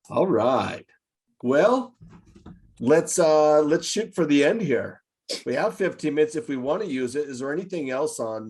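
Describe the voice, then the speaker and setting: A man hosting a directors' meeting, talking casually and acting out scenarios as he tells them. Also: on the high side. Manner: lively storyteller, acts out scenarios. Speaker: meeting host, childcare director. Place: online meeting.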